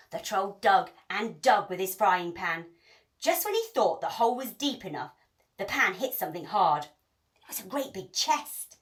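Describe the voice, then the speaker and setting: Slow, lively woman reading a picture book. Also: medium pitch. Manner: expressive storytelling. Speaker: teacher.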